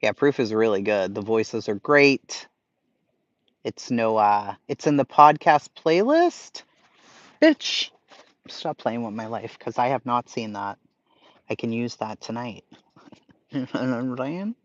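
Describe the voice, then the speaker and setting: A man talks to his live chat in a loose, excitable way, and his swearing comes easily. His voice sits in a middle register, and the audio is dull and lo-fi. The sound is dry, with no room around it. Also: mid-range voice, slow pace, long pauses, no room sound. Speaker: livestream host. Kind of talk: casual livestream chat.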